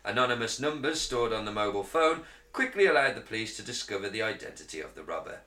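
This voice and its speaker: A man co-hosting a podcast, talking in an excitable, animated way with constant swearing. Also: on the low side, fast. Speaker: podcast co-host. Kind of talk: casual chat. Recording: roomy echo.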